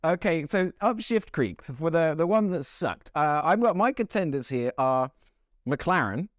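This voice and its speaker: A man co-hosting a casual sports podcast, his pitch leaping around as he jokes. He sits a little higher than most men and laughs easily. The sound is close and dry. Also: a little slow, no echo. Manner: animated, jokey, laughs often. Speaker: podcast co-host. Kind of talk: casual chat.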